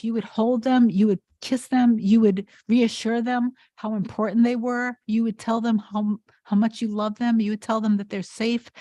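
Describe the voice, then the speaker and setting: A woman's voice: fairly high pitch, a little mellow, dry recording. A woman hosting a live stream as a manifestation coach, speaking earnestly and emphatically, repeating and restarting her phrases. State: tearful near the end. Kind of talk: impassioned spiritual coaching on a livestream.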